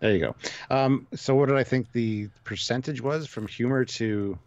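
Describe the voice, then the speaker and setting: A man co-hosting a live stream in a relaxed, casual way, reading out viewer donations and messages. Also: mid-range voice, moderate pace, highs cut off.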